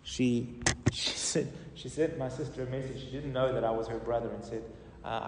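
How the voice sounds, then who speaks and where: A middle-aged man, a pastor, telling a testimony in a sermon with animated storytelling that swings from loud to soft. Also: medium pitch, normal speed, hardly any pauses, background noise. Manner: animated storytelling, rising and falling in volume. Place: church hall. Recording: roomy hall reverb, distant mic.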